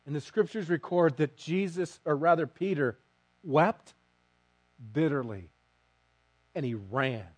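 A man's voice: on the high side, expressive, measured pace, pauses often. A man preaching a sermon, telling a story dramatically and acting out the quotes himself.

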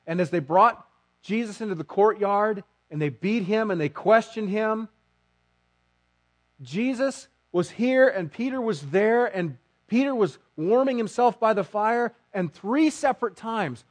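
A male preacher delivers a sermon with a high, bright-sounding pitch that swings widely. He tells the story with drama, swelling loud and dropping soft as he voices the people in it. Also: lively intonation, unhurried. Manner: dramatic storytelling, acting out quotes.

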